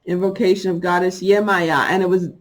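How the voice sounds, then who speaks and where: Middle-aged woman, solo vlogger; emphatic, indignant delivery in fast bursts. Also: fairly low pitch, steady tone. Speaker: spiritual vlogger. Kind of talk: casual monologue to viewers.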